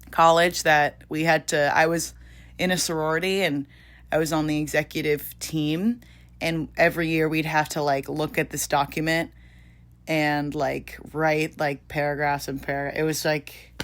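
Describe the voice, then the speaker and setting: A young woman in her twenties, chatting casually to camera about her reading. Her voice sits low, and her talk is loose and full of fillers. It leaps into high, excited bursts, then drops back down. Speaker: vlogger. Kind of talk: casual chat about books.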